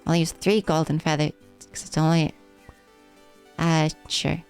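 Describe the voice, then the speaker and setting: A woman's voice: deep voice, little pitch movement, unhurried, a little mellow, clear, resonant tone, faint music behind. A woman streaming a game live, chatting playfully with her viewers as she plays. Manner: playful, rambling, chats with viewers.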